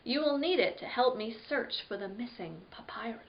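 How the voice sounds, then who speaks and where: A woman voicing an excitable old male mouse professor with a squeaky manner, on a dull lo-fi recording. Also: moderate pace, slight background noise, lightly acted. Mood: explaining.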